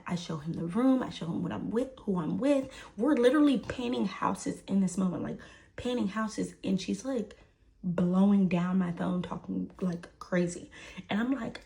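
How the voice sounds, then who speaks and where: A woman's voice: mid-range voice, normal speed, creaky. A young woman with a Houston accent telling a personal story in a casual storytime style, acting out what people said and repeating lines for emphasis. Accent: Southern US, Houston. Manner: animated, acts out the quoted voices, repeats lines for emphasis.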